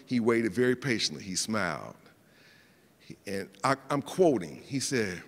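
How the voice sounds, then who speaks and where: Animated male storyteller in a reverberant hall. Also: lowish voice, unhurried. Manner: animated, repeats words, acts out quotes. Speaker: guest speaker. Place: event hall.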